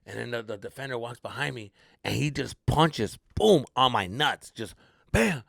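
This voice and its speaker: A man's voice: moderate pace, vocal fry, no echo, studio quality. A man hosting a comedy podcast, telling a story casually and profanely, with Spanish slang mixed in. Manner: animated, acts out quoted people in high voices.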